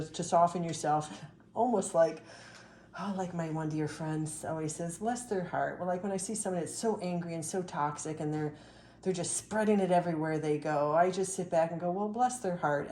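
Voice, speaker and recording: A woman's voice: lowish voice, fairly even intonation, brisk, warm tone, reverberant, a little hiss or hum. A middle-aged woman doing a chatty, upbeat spiritual card reading. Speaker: tarot and oracle card reader.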